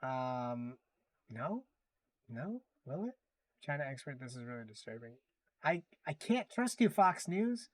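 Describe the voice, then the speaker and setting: A man's voice: medium pitch, sing-song, measured pace. A man hosting a livestream, chatting casually as he reacts to clips with amused, rambling asides. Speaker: livestream host.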